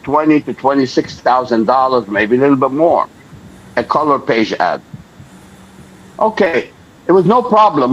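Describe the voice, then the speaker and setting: An older man telling a story in an interview, acting out the voices of the people in it. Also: medium pitch. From Lebanon. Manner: animated, acts out the voices of people in his story. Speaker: interview guest. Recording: dull lo-fi recording.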